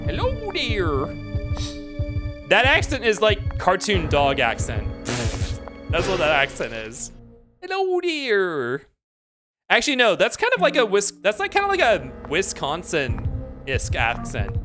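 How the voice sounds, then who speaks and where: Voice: medium pitch, wildly swooping pitch, normal speed. A streamer giving casual, rambling commentary over a game, with many restarts and filler words. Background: game music.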